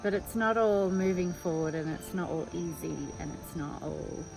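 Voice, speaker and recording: A woman's voice: fairly low pitch, moderate pace, vocal fry, music in the background, rough recording. A woman talking openly to the camera in a casual personal vlog, thinking aloud as she goes. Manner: chatty and open, thinking aloud. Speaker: vlogger.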